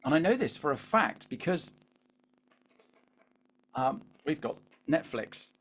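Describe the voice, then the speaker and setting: A man's voice: on the high side, very animated, slow, fairly bright tone, slightly rough. Chatty British man coaching a webinar. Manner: chatty, keeps asking the audience "all right?". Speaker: LinkedIn coach. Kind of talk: live webinar coaching talk.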